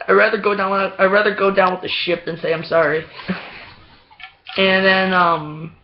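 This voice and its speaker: A man's voice: sits high, little pitch movement, a little slow, long pauses, a little hiss or hum. A man telling a story in a casual vlog, rambling with many fillers and restarts and laughing often. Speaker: vlogger. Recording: dull lo-fi home video audio.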